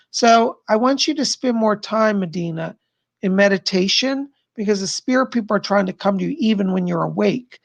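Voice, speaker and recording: A man's voice: high voice, normal speed, gravelly, fairly bright tone. A man hosting a live stream of psychic readings, chatty and rambling, who keeps repeating what the spirits say. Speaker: psychic livestream host.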